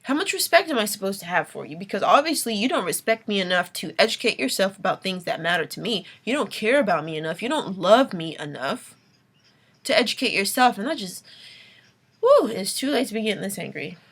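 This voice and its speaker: A woman's voice: mid-range voice, expressive, fairly quick, a bit bright, slightly rough. Young woman, vlogger, late-night rant, exasperated, sighs, whispered asides, mid-range voice.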